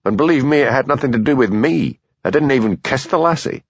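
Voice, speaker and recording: A man voicing a blunt, bitter factory owner who answers questions gruffly in an audiobook. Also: medium pitch, lively intonation, fairly quick, no room sound, lo-fi sound, voice pushed up.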